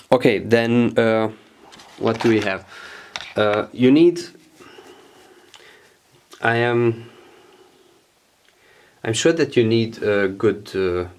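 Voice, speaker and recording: A man whose first language is German, casually showing his home studio gear, halting with many fillers and repeats as he searches for English words. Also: lowish voice.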